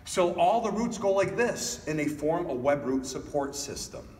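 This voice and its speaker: A man with a fairly high voice tells stories during a motivational keynote and keeps putting questions to the crowd. The sound comes from a distant mic in a large hall with a long reverb tail. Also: moderate pace. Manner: animated storytelling, addressing the audience directly. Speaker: keynote speaker. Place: conference hall. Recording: echoey hall picked up from a distance.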